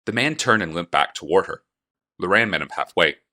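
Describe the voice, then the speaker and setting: Low voiced guy reading an audiobook, lively storytelling, crisp bright tone. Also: brisk. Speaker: narrator.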